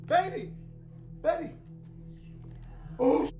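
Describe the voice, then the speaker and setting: A man in a panic at home, shouting and pleading over and over in an amateur video. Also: a little high, huge pitch swings, takes it slowly, long pauses, faint music behind. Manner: frantic shouting, pleading and repeating calls. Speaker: frightened homeowner filming. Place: home, indoors.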